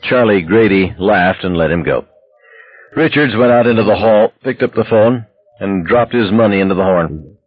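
A man narrating a novel as an audiobook in a steady, measured way. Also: fairly low pitch, breathy edge, no room sound. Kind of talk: scripted narration. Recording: dull lo-fi dry recording.

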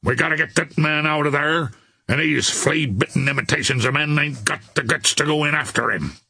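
A man reading aloud as a blustering old-style sea captain, gruff and slangy, with a husky, slightly raised voice. He sounds rough and impatient with his crew, like a character in a seafaring storybook. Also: fairly high pitch, normal speed, bright, forceful tone, full character voice. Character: gruff blustering ship's skipper, male, middle-aged.

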